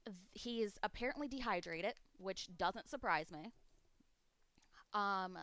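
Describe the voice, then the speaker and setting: A young woman talks to her stream chat from home, her voice smooth and resonant even as she fights back tears. She rambles through the update with many ums and sighs. The sound is close and dry, with no room around it. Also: mid-range voice, measured pace, dry recording.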